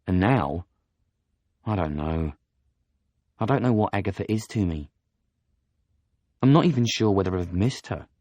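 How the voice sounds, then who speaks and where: A man reading a novel aloud as an audiobook narrator, in steady first-person storytelling. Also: low-pitched, unhurried, long pauses, no room sound.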